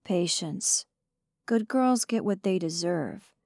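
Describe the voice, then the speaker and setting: A woman doing a dark, rough-whispering lover. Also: lowish voice, lively intonation, slow, no echo, studio quality, heavily acted. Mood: seductive. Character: rough-voiced seductive man, dark and commanding.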